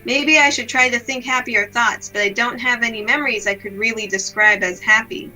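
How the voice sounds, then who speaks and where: A woman's voice: a little high, fairly even intonation, fairly quick, pushed and bright, soft background music, low-quality recording. A woman reading a gloomy self-blaming young woman. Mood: melancholy. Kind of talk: reading a visual novel aloud.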